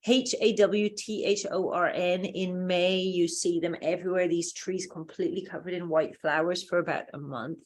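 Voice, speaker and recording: An English woman with a British accent teaches a workshop, leading a group lesson and explaining loosely and ramblingly with plenty of fillers. Her voice is lowish and steady, at a normal speed with few pauses.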